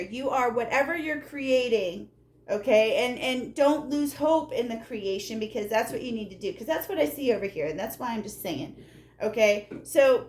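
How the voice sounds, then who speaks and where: A woman with a slightly high voice gives a casual spoken tarot reading. She is emphatic and a little salty, addressing the viewer directly and checking in with them often. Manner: animated, emphatic, repeats "okay?" to the viewer; blunt and salty, talks straight to the viewer. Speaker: tarot reader.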